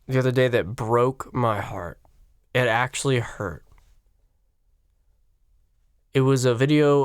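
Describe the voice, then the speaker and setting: A man hosting a solo podcast, ranting crudely and sarcastically, swinging from loud outbursts to quiet stretches. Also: medium pitch, smooth, no echo, clean studio sound. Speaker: podcast host.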